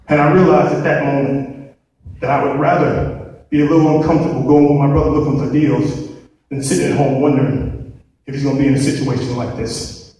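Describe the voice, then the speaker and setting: Animated profane storyteller in an echoing hall. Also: male voice, on the high side, fairly quick. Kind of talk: live stage storytelling. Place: large hall on stage. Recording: echoey hall, distant mic.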